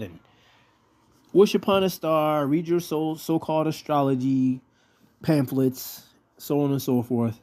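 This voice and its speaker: A preacher with a warm tone and medium pitch reads Bible verses aloud while teaching. He keeps it casual and blunt, swears freely, and leans on rhetorical questions.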